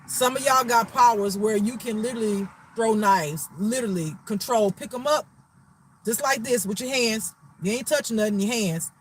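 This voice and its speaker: Man with a high voice, casual spiritual reader, preachy and repetitive, swears freely. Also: normal speed, a little hiss or hum. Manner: preachy, profane, repeats phrases.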